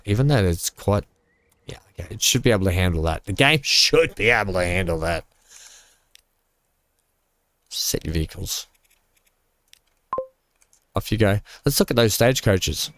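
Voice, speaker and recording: A man with a fairly low voice talks his way through a building game from home. He rambles, cracks small jokes and thinks out loud at an easy, casual pace. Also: normal speed, long pauses, dry recording. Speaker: gaming channel host. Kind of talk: casual let's-play commentary.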